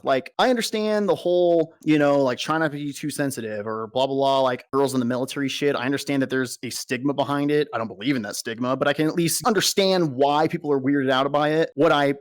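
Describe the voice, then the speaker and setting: A young adult man, a soldier being interviewed, telling stories in an animated, exasperated and profane rant. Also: medium pitch, fast talker, few pauses, no echo. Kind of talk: ranting interview storytelling.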